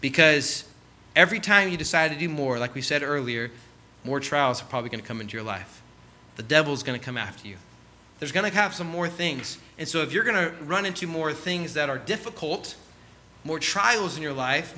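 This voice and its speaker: A man's voice: fairly high pitch, pushed and bright, slight background noise. A man in his thirties preaching a sermon in a church, earnest and repetitive, ending in prayer. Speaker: pastor. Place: church room.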